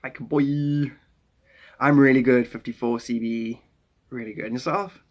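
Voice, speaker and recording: A man's voice: mid-range voice, fairly even intonation, moderate pace, dull audio. A South African man hosting a casual live stream, greeting people by name as they drop in. He wanders from thought to thought, musing aloud in a loose, rambling way.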